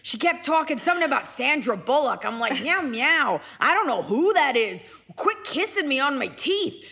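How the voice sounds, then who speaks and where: A woman's voice: high-pitched, sing-song, moderate pace, vocal fry, bright, forceful tone, pitched above the performer's own voice, full character voice. A woman voicing a grumpy, streetwise female cat who talks tough with double negatives. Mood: grumbling.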